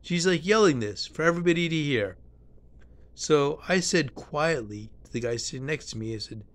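A man with a slightly high voice ranting into his phone camera. He is blunt and swears freely, losing his train of thought and circling back to his complaints. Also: expressive, normal speed, a bit bright. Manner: blunt, profane, complaining, drifts off track. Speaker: vlogger in a nursing home. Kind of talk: casual ranting vlog.

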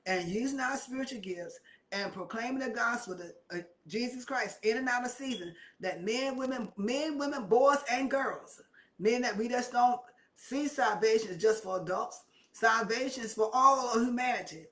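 A woman's voice: on the high side, moderate pace, a bit bright. A woman preaching a sermon with impassioned, repetitive emphasis that rises and presses her points. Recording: echoey room, mic at a distance.

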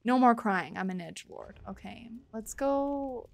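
A woman's voice: on the high side, lively intonation, unhurried, vocal fry. A woman streamer giving casual gameplay commentary with dramatic mock grief, playful and swearing.

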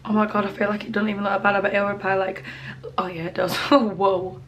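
A woman, chatting casually to camera at home, rambling and often speaking quietly. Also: medium pitch, level tone, fast talker, background noise. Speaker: lifestyle vlogger. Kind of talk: casual vlog chat to camera. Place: at home in a bedroom at night.

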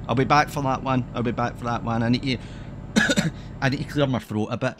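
A man chatting through a driving game, voice sitting at an ordinary middle pitch. He rambles from one thought to the next, casual and loose, swearing as he goes. A faint hum of noise sits behind him. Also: brisk, a bit bright. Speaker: streamer. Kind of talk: casual gameplay commentary.

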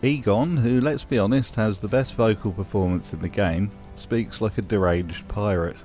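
A man's voice: on the low side, normal speed, mellow, soft background music. A man narrating a video essay in a dry, wry tone. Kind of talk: scripted narration.

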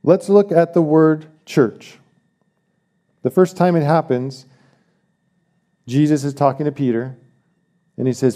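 A man's voice: mid-range voice, measured pace, pauses often, mellow. A man preaching a sermon as pastor, emphatic, repeating key phrases and asking the congregation questions.

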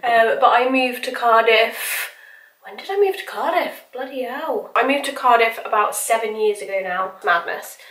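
A woman's voice: fairly high pitch, normal speed, fairly bright tone, reverberant, far from the mic. A woman in her twenties from England, chatting casually as she does her makeup on camera. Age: 20s. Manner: chatty, informal, with slang like "bloody hell" and "reckon". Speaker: makeup vlogger. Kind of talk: casual get-ready-with-me chat.

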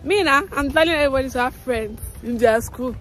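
A woman's voice: high voice, brisk, fairly bright tone. Chatty Nigerian woman vlogging. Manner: chatty, mixes in Nigerian Pidgin phrases. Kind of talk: casual vlog chat to camera.

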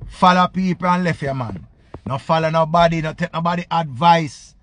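A man with a Jamaican accent in a loud, profane, repetitive rant giving relationship advice. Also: a little high, normal speed, slight background noise. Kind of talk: ranting monologue.

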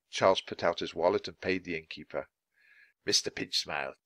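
A man reading a children's storybook aloud for English learners, narrating clearly and expressively. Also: low-pitched, brisk, fairly bright tone, no room sound. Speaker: storybook reader.

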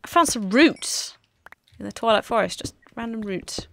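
Bright, sarcastic woman in gaming chat. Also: a little high, animated, moderate pace, vocal fry. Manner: dry, sarcastic quips. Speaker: let's-play co-player.

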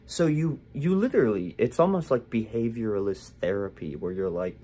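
A man's voice: medium pitch, animated, moderate pace, hardly any pauses, warm tone. A young man talking candidly to the camera in a casual vlog, rambling with lots of fillers and restarts. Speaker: vlogger.

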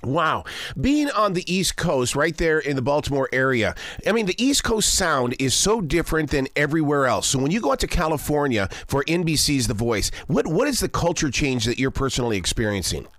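A man's voice: a little high, sing-song, a little fast, a bit bright, no echo. Enthusiastic man hosting an interview. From US South, since 1985. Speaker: interview host. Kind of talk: casual interview chat.

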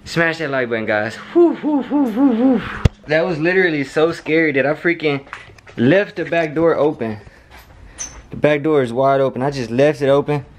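A man vlogging casually from his home kitchen, chatty and animated as he talks straight to viewers. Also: on the high side, normal speed, slight background noise.

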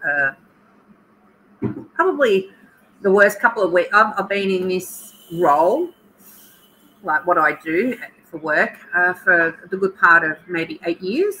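A woman's voice: fairly low pitch, lively intonation, measured pace, long pauses, bright, forceful tone, slight background noise, rough recording. A middle-aged Australian woman hosting a livestream at home, chatting emotionally and greeting her viewers by name. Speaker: livestream host. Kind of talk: casual chat with live viewers.

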